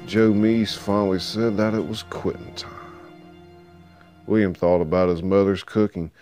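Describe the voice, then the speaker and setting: A man's voice: deep voice, darkish tone. A man narrating a story in a dramatic, emphatic audiobook style. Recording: faint background music.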